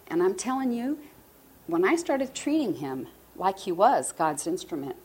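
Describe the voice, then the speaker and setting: A woman's voice: mid-range voice, breathy edge. A woman in her sixties giving an earnest, emotional personal testimony in a church talk on marriage. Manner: earnest and emotional, quotes others vividly. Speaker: marriage ministry speaker.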